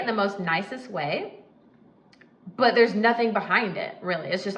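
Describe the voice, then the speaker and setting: A woman's voice: mid-range voice, moderate pace, pauses often, a bit bright, reverberant, rough recording. Chatty woman giving casual advice. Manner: chatty, emphatic, frequent laughs and asides. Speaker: host.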